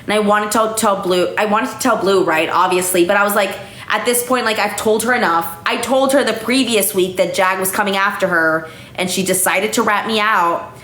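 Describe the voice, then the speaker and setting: A woman's voice: mid-range voice, normal speed, hardly any pauses, a bit bright. Chatty young woman, tipsy, echoey room. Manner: chatty, lots of "like", swears freely. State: a little tipsy. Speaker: livestream host. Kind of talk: casual live-stream chat. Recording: echoey room, faint noise.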